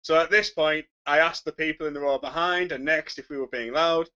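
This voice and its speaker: A loud, chatty man co-hosts a casual podcast and laughs often. His voice is bright and somewhat high, and the recording sounds dull and lo-fi. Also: fairly even intonation, a little fast, smooth. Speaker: podcast co-host. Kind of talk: casual banter.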